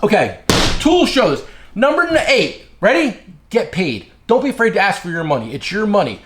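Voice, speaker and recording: A brash man talks in a high, lively voice with big swings in pitch, telling fellow dealers plainly how to get paid. He keeps hammering his points home with repeated phrases. A steady noise hangs under the recording. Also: moderate pace. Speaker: independent tool dealer. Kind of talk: casual advice talk.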